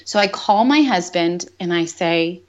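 A woman's voice: lowish voice, animated, a little slow. A woman guest on a podcast, candidly telling a painful personal story with earnest openness and the odd laugh. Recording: dull lo-fi sound.

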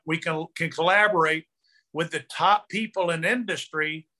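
Older man from Tennessee, high bright voice, energetic motivational speaker with stammering repeats. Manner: energetic, repeats words, storytelling. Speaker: guest speaker. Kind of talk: motivational video-call talk.

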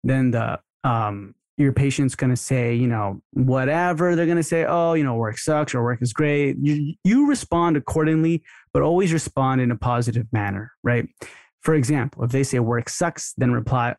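A man talks through a marketing lesson in loose, chatty podcast style, now and then acting out both sides of a dialogue. His voice sits at an ordinary middle pitch, recorded close and dry with no room sound. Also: a little fast, darkish tone, dry recording. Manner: chatty, role-plays dialogue in a raised voice. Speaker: dental marketing coach. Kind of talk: casual instructional podcast talk.

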